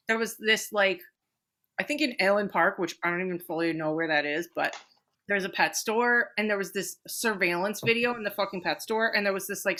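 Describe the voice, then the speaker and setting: A woman co-hosting a podcast, telling stories in animated, profane casual chat. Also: mid-range voice. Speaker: podcast co-host.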